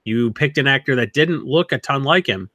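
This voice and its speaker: A man co-hosting a podcast, chatting about films in an opinionated, quick way and mocking other people's voices. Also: medium pitch, sharp tone, dry recording, studio quality. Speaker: podcast co-host. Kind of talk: casual film discussion.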